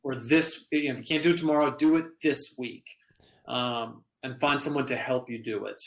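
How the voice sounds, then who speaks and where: A man's voice: mid-range voice, moderate pace, fairly bright tone. A male therapist talks on a podcast, earnest and direct, with frank urging advice. His voice carries a roomy echo around it. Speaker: therapist guest. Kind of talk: casual podcast talk.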